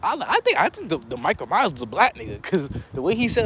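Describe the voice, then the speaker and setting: Animated young man telling a story. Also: quick pace, background noise. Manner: animated, slangy, acts out quotes in a higher voice. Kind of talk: casual storytelling.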